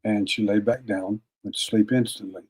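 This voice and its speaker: An older man, a guest on an interview, telling a long personal story in a folksy, casual way, often repeating words and clearing his throat. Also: lowish voice, steady tone, normal speed, darkish tone. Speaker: interview guest, paranormal investigator.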